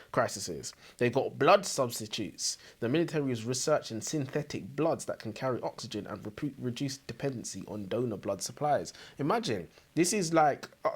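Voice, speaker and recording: Rambling man, mid pitch. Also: husky. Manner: rambling, hesitant with fillers and restarts. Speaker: co-host. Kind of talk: casual book-review chat.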